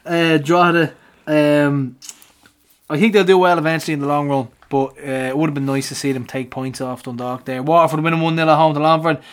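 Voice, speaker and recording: A man's voice: on the high side, steady tone, brisk, clean tone. An Irish man co-hosting a casual football podcast, joking and bantering and mimicking people as he tells stories. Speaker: podcast co-host. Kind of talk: casual chat about football.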